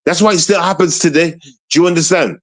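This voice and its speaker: A man's voice: on the high side, fairly even intonation, quick pace. Man ranting in slang. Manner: repetitive, confrontational street slang. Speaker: streamer. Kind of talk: casual ranting livestream.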